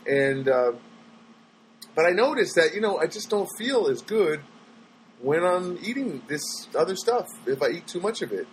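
A man who does stand-up talks on his own in a loose, casual monologue. His voice sits a little high. He rambles, trails off and starts over. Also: very animated, normal speed, a little hiss or hum, rough recording. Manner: rambling and chatty, trailing off and restarting. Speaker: stand-up comedian.

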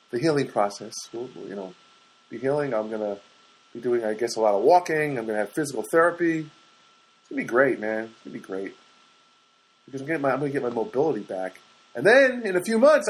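A man's voice: medium pitch, slightly rough, low-quality recording. A man from the US East Coast talking casually in a rambling solo monologue, chatty and self-deprecating, often putting on comic voices for other people.

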